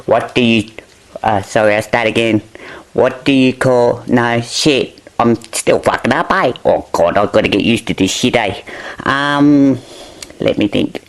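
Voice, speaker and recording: A man's voice: medium pitch, a little slow. A drunk Australian man telling crude jokes, swearing, fumbling his setups and laughing at his own punchlines. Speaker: comedy podcast joke teller. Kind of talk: crude pub-style joke telling.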